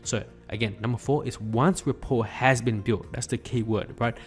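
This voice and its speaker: A man's voice: mid-range voice, normal speed. A man giving a casual online marketing tutorial, chatty and acting out small talk at a bar.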